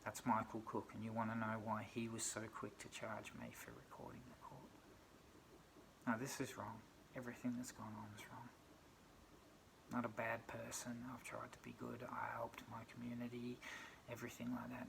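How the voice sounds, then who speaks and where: A man's voice: medium pitch, monotone, fairly quick, vocal fry, background noise. A middle-aged man with an Australian accent, ranting indignantly in a personal vlog and firing off rhetorical questions. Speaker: vlogger. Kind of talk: aggrieved personal rant.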